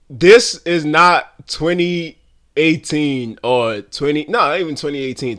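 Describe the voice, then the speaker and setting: A man's voice: mid-range voice, a bit bright. A young man giving a casual, rambling commentary rant full of slang and swearing.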